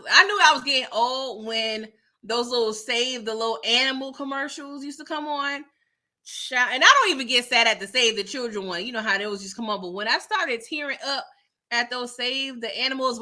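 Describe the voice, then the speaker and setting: A middle-aged woman chats casually to her livestream viewers. Her voice is bright and sits a little high, and she talks in an animated way and laughs often. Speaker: livestream host reading viewer chat. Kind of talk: casual chat.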